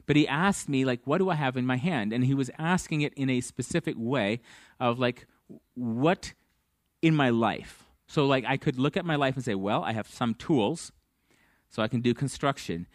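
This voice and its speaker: A man's voice: mid-range voice, a little fast, no room sound, studio quality. A man preaching a sermon, telling stories and acting out the people in them. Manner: storytelling, acts out dialogue. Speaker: pastor.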